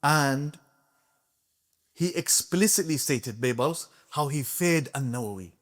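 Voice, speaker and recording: A man's voice: mid-range voice, animated, takes it slowly. Man giving an emphatic history lecture. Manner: emphatic storytelling, swings between quiet and raised. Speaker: guest lecturer. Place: mosque hall.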